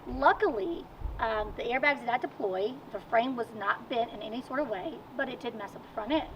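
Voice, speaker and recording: A woman with a Virginian accent, a guest in a casual outdoor interview, telling stories in an animated, chatty way. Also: fairly high pitch, a little fast. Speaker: guest, amateur racer. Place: outdoors at a car show. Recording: distant mic, dull sound, faint noise.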